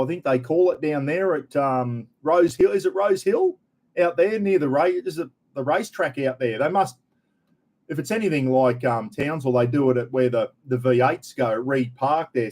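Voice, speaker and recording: This middle-aged Aussie live-stream host speaks in a mid-range, somewhat dark voice. Chatty and friendly, he welcomes each viewer individually with lots of "g'day mate."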